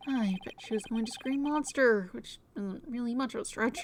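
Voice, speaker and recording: Woman streamer, joking asides, fairly high voice, game music underneath. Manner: joking asides, quick laughs. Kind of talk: game playthrough commentary.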